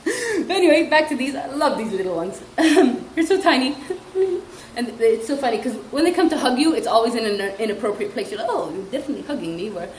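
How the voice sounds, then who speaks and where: A young woman with a high voice rants about her teaching job in a casual comedy vlog. She giggles often and acts out what the children say in a mocking way. The room has a lot of echo, with faint noise behind her. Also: brisk. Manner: giggly, mocking, animated storytelling with acted-out quotes. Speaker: vlogger and ESL teacher.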